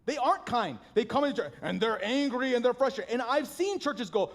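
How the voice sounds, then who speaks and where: High-voiced passionate man preaching. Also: normal speed, big-room sound. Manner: passionate, animated preaching with many restarts. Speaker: pastor. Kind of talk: sermon. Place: church sanctuary.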